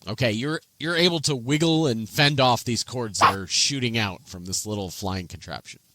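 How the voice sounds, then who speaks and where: A man narrating a tabletop game as game master, in an animated, playful manner. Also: medium pitch, normal speed, noisy background.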